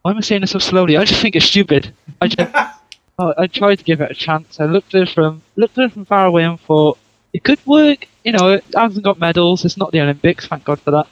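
Male guest, high smooth voice, jokey and self-mocking, dry sound. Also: brisk, no room sound, dull audio. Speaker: panel guest. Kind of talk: casual panel chat.

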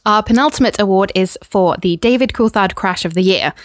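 A woman co-hosting a podcast, reading a scripted comic awards segment in a dry, deadpan way. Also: medium pitch, fairly quick, dry recording, soft background music. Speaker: podcast co-host presenting awards.

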